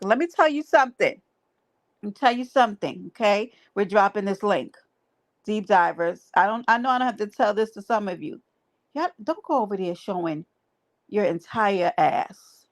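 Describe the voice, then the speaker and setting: A woman hosting a livestream, talking to her chat in an emphatic, preachy way and repeating her phrases. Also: mid-range voice. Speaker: livestream host. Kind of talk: casual livestream talk to chat.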